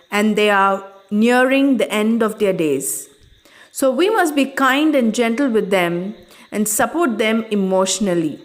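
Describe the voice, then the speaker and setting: A woman teacher reading a poem aloud to children and explaining it stanza by stanza in a measured classroom manner. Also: a little high.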